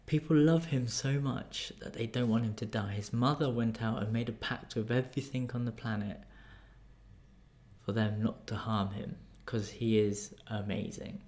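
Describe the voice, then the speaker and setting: A man with an English accent, a life coach telling a personal story in a casual, animated way. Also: medium pitch, normal speed. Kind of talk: storytelling vlog.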